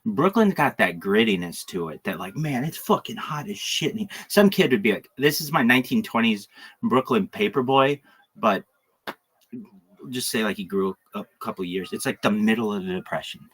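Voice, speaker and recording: Lively, bright-voiced man rambling on a livestream. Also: fairly low pitch, moderate pace, husky. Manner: crude, joking, rambling with many asides.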